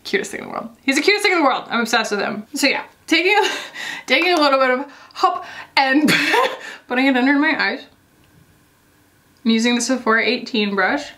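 A woman's voice: sits high, animated, a little fast, sharp tone. A woman in a casual makeup tutorial, talking in a rambling, chatty way full of "like" while she applies makeup. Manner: chatty, rambling, many "like" fillers; explains while applying makeup. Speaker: beauty vlogger.

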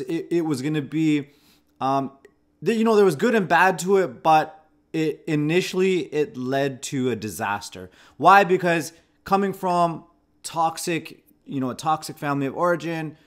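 A man in his thirties, a channel host, reflectively telling a personal story to camera in a conversational way, often restarting his phrases. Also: fairly high pitch. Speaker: host of a channel about anxiety.

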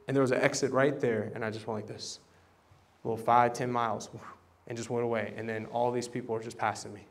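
A man preaching a sermon, animated and dramatic, acting out voices and swinging from loud bursts to hushed tones. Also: medium pitch. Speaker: pastor. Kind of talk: sermon storytelling. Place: church service.

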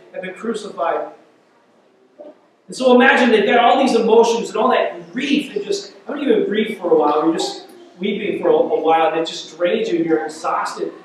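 A man's voice: high-pitched, a little hiss or hum. A man preaching a sermon as pastor, retelling a scripture story vividly and repeating words as he builds intensity. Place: church. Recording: echoey church hall, mic at a distance.

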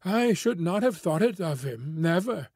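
A man's voice: fairly high pitch, lively intonation, unhurried, gravelly, darkish tone, no echo, studio quality, heavily acted. A man voicing a stout, kindly young farm woman who turns dreamy and tipsy, with homely rural speech.

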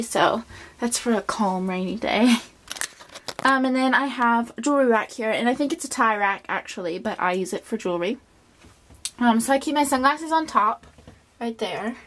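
A woman's voice: fairly high pitch, a bit bright, slight background noise. Chatty woman giving a closet tour. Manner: chatty, many ums and likes. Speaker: beauty vlogger. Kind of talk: casual closet tour vlog. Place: at home by her closet.

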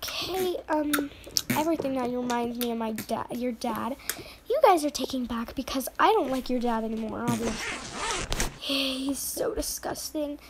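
A woman's voice: sits high, animated, moderate pace, noisy background. A woman voicing a fussy, newly divorced mother in a toy role-play, chatty and sighing.

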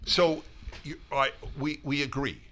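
An older man co-hosting a talk show, telling stories in an animated way with frequent restarts and repeated words. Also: medium pitch, a little slow, slight background noise. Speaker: co-host. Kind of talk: casual conversational talk show.

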